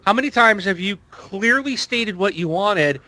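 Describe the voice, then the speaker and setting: A man co-hosting a casual gaming podcast, venting his frustrations with exasperated emphasis. His voice is high for a man and sharply bright. The sound is dry and close, with no room echo. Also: lively intonation, moderate pace. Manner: exasperated ranting, emphatic complaints. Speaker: podcast co-host.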